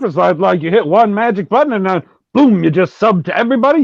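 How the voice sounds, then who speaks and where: A man's voice: high-pitched, lively intonation, fast talker, creaky, hardly any pauses, no echo, dull audio. A man in a casual livestream chat, telling stories in an amused, wry way with chuckles.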